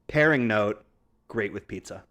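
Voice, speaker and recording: A man's voice: lowish voice, a little slow, pushed and bright. A man in his thirties, podcast co-host, chatting casually and explaining wines knowledgeably, often laughing. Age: 30s. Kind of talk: casual chat.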